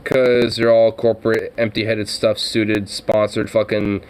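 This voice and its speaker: A man's voice: lowish voice, level tone, measured pace, a little mellow, a little hiss or hum. A man streaming a profane, mocking reaction to a news clip, exasperated and swearing heavily.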